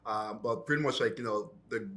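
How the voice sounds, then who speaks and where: Animated young man telling a story. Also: on the low side, fairly quick. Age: young adult. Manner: animated storyteller, many fillers. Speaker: reality series cast member, fashion show organizer. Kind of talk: casual interview chat.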